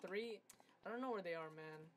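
A young woman giving casual gameplay commentary, swearing and trash-talking rivals crude and loud, with bursts of laughter. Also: on the low side, brisk, slight background noise. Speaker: gaming commentator.

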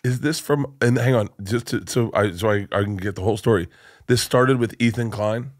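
A man hosting a podcast in casual chat, excitable, laughing hard and swearing often. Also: mid-range voice, normal speed. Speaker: podcast host.

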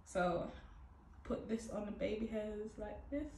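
A woman's voice: medium pitch, slow pace, slight background noise. Chatty woman, roomy distant sound. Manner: chatty, playful, bursts of loud whoops. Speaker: hair tutorial vlogger. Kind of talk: casual how-to chat to camera. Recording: echoey room from a distant mic.

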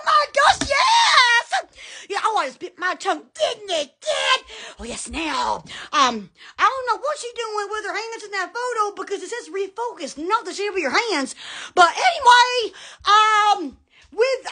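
Woman hosting a livestream, loud and goofy, high and bright, voice leaping around. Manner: loud, silly, shrieking with laughter. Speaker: online shop seller on a livestream. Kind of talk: excitable livestream product chat.

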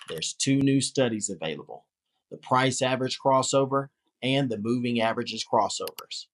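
A man narrating a scripted software tutorial in an upbeat, polished promotional manner. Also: medium pitch.

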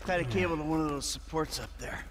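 An actor playing a hot-tempered middle-aged ex-criminal husband who swears and shouts threats. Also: male voice, fairly high pitch, quick pace, very noisy, lightly acted. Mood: bitter, raging.

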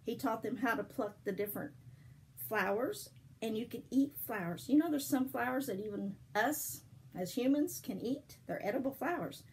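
An older woman with a husky voice, gently telling a story and devotional to her grandchildren. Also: on the high side, expressive, normal speed, a little hiss or hum, rough recording. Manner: gentle, affectionate, sings softly. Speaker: storyteller for children.

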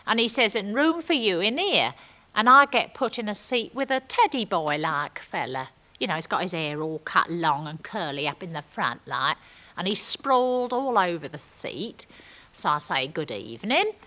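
A chatty young girl. She rambles along in ungrammatical gossip, and her bright voice leaps up and down. The whole piece is a comic stage monologue. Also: lowish voice, very animated, normal speed. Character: chatty working-class young London woman.

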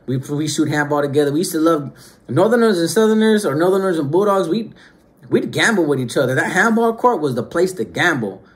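Slangy man, higher voice. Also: animated, brisk. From Northern California. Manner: street slang, swinging between hushed asides and raised bursts. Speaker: storyteller recounting his youth. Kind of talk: casual storytelling to camera.

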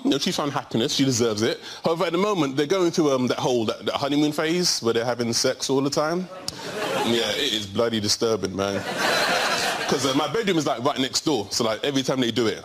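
A young man from England doing a stand-up routine in a TV studio, talking with quick stammering restarts. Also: mid-range voice, animated, background noise. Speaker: comedian guest. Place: TV studio with audience.

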